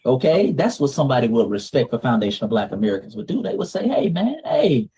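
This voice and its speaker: A man's voice: medium pitch, sing-song, quick pace, warm tone, a little hiss or hum. A man in a commentary video clip, talking in a mocking, slangy way with playful impressions.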